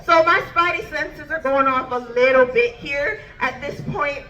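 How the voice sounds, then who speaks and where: A woman's voice: high-pitched, unhurried, sharp tone, muffled recording. A woman comedian telling a standup story, bubbly and laughing as she goes.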